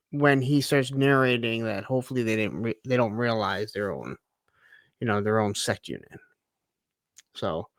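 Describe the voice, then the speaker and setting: A man's voice: mid-range voice, fairly bright tone, no echo. Man, mid voice, dry close mic, reflective casual recap co-host. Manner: reflective, thinks aloud with fillers and quick asides. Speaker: podcast co-host. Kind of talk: casual chat recapping a TV episode.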